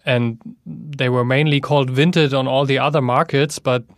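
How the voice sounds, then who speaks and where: A man with a German accent, a guest on a podcast, explaining calmly. His voice is mid-pitched and recorded dry, close to the mic. He talks at a measured pace with a few hesitations. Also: no echo. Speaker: guest editor. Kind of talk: podcast interview.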